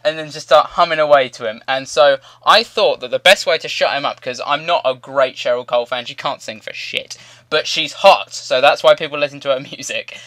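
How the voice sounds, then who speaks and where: A man's voice: a little high, a little fast, sharp tone, no echo. A young man in his late teens hosting his channel, rambling through a cheeky, crude story in casual commentary. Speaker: channel host.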